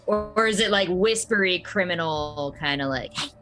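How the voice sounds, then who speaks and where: Woman player, bright, casual, filler-heavy, music in back. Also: on the low side, moderate pace. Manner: thinking aloud with many "like"s. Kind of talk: tabletop role-play chat.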